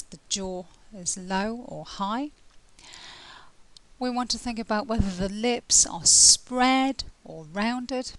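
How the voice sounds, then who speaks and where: An English woman tutoring pronunciation in an unhurried, careful way. She slows down to spell out her examples letter by letter, and her voice sits at an ordinary middle pitch. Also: low-quality recording. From England. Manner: clear, deliberate teaching delivery, slowing down to spell out examples. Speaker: IELTS tutor. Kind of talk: pronunciation lesson.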